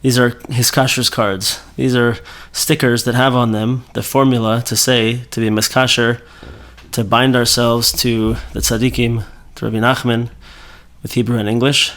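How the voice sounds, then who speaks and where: A man's voice: medium pitch, flat delivery, normal speed, fairly bright tone. A man giving a casual Torah class, talking things through with fillers and self-corrections. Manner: conversational, thinking aloud with fillers and self-corrections. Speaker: Torah teacher.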